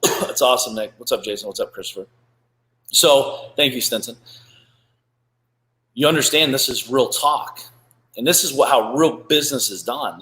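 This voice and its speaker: Male host, live business talk, blunt and salty, animated delivery, roomy echo. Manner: blunt, profane and animated, with frequent "blah, blah" and "boom". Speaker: podcast host.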